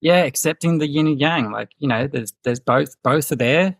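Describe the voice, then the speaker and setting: A man in his thirties, a guest musician thinking aloud in a relaxed podcast chat, full of fillers and restarts. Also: fairly high pitch, moderate pace, vocal fry, no room sound, studio quality. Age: 30s. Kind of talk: casual podcast conversation.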